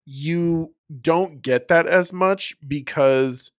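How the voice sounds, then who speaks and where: A man's voice: fairly high pitch, very slow, smooth. A man co-hosting a podcast, chatting casually about films, laid-back and swearing as he argues his view. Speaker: podcast co-host. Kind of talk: casual film review chat.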